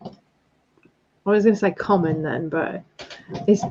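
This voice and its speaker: A woman's voice: fairly low pitch, unhurried, a little mellow, muffled recording, slight background noise. A woman with a London accent, chatting casually and laughing often on a livestream. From England. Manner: giggly, chatty. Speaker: co-host.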